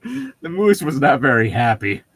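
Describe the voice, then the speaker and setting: A man in casual chat with a very lively, swooping pitch, trading sarcastic jokes and laughing often. His voice is close and dry, with no room sound around it. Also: measured pace, slightly rough, no echo. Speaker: podcast co-host reading aloud. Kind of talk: casual joking group reading.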